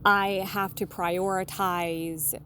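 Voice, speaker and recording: A woman relationship consultant giving blunt, candid advice in a solo monologue, swearing casually and jumping up in pitch for emphasis. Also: extremely slow, a little hiss or hum. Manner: animated, with sudden emphatic jumps in pitch.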